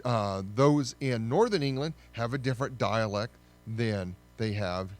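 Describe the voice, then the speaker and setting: A man's voice: medium pitch, animated, unhurried. Man, history lecture, conversational, self-correcting, faint music underneath. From United States. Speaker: history teacher.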